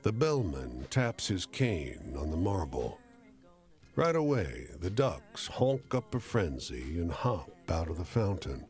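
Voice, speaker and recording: A man narrating a narrative game in a measured storyteller manner. His voice is low and unhurried, with a wide, expressive pitch range, over soft music. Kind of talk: scripted narration.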